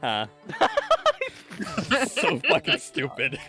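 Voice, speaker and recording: A man's voice: medium pitch, huge pitch swings, very slow, music in the background. A man hosting a game stream, chatting casually with friends, giggly and joking. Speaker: streamer host. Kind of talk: casual chat while playing a game on stream.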